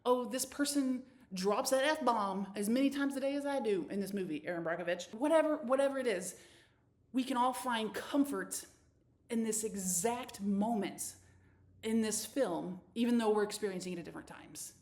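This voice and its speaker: A woman's voice: on the high side, moderate pace. Woman in her thirties, podcast host, effusive and chatty, stumbles and restarts a lot. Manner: animated, effusive, frequent restarts and stammers. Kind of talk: casual solo podcast monologue.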